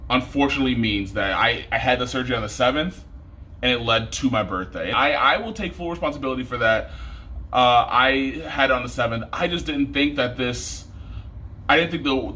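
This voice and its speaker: A young man vlogging a storytime, animated and exasperated, his voice jumping up when he rants. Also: mid-range voice, a little hiss or hum. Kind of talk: storytime vlog.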